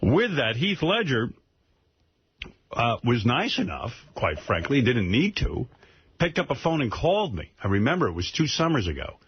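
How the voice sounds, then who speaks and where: A man hosts a radio show and tells a story with indignant, profane energy. His husky voice swings up and down with lively pitch. The broadcast sounds dull and lo-fi. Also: moderate pace, dry recording. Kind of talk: casual radio talk.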